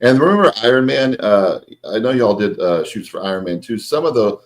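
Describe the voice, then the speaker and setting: A man's voice: fairly low pitch, expressive, brisk. A middle-aged man hosting a podcast, talking in a laid-back, easygoing way in casual chat. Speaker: podcast host.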